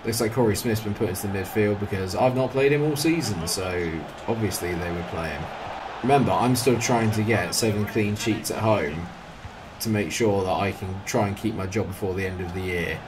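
A man's voice: fairly low pitch, brisk, background noise. A young man with a southern English accent giving jokey, chatty commentary while playing a football game at home. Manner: jokey, chatty, excitable at goals. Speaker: gaming video host. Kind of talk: casual gameplay commentary. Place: home flat.

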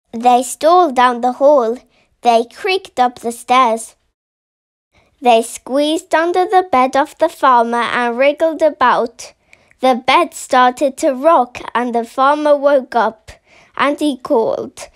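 A woman reading a children's picture book aloud in a rhythmic, expressive way. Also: high voice, takes it slowly. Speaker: storyteller.

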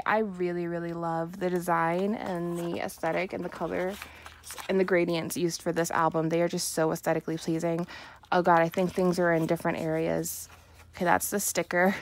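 A young woman unboxing an album on camera, gushing and giggling with lots of excited exclamations. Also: lowish voice. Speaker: unboxing vlogger. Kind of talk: excited casual unboxing chat.

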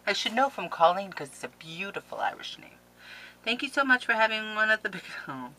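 Gushing excitable woman. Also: mid-range voice, a little fast, poor audio. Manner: gushing, excitable, laughs and gasps often. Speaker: crafting vlogger. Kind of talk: casual vlog, opening mail on camera.

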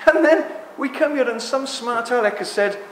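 A middle-aged man giving an impassioned talk to a live audience, excitable and ranting, acting out other people's voices as he goes. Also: very high voice, moderate pace, slight background noise. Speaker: speaker at a talk. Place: indoor talk venue. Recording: echoey hall with faint ambience.

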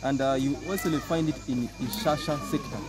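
A man's voice: medium pitch, a little fast. A man from Uganda with a Ugandan accent, working as a tour guide and explaining animals outdoors at a zoo, often checking in with "okay?". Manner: explanatory, repeats key points, asks "okay?" often. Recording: noisy outdoor recording. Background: outdoor ambience, animal sounds.

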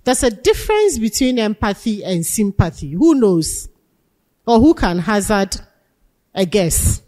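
In a reverberant lecture hall, a lecturer from Ghana teaches leadership, pressing her points and quizzing the class. She has a dark-toned, mid-range voice with a sing-song lilt and an unhurried delivery.

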